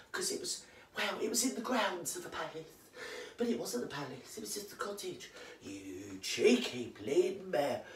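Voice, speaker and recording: A performer doing a gossipy old English granny. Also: close to an everyday voice. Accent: British English. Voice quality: slangy, swears constantly and rambles. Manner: mock-outraged gossiping with big pitch swings. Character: gossipy, indignant old English granny who rants about royals. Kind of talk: comedy character monologue. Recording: roomy sound from a distant mic.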